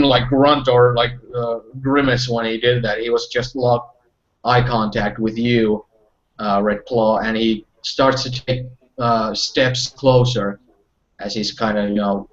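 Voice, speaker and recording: A man narrates as game master of a tabletop game and rambles with many fillers. His voice sits at a middle pitch. The audio is muffled and lo-fi. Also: flat delivery, takes it slowly.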